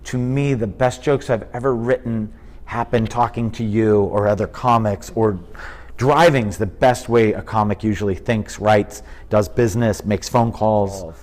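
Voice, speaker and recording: A man in his fifties, a comedian chatting in an interview, telling animated stories and slipping into impressions. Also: lowish voice, measured pace. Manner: animated storyteller, drops into impressions. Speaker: comedian guest. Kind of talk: casual interview chat.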